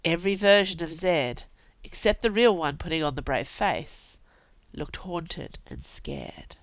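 A woman with a fairly low voice narrates a story aloud at an even, steady pace. The recording is dry and close, with a dull, lo-fi tone. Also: a little slow, no room sound. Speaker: audiobook narrator.

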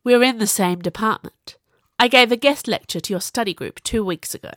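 A clever, haughty young woman with a cross, cutting way of speaking, as the narrator puts her on. Her lines come out sharp and impatient, recorded close and dry. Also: fairly high pitch, brisk, no echo, voice pushed up, lightly acted. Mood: snappish. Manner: cross, snappish.

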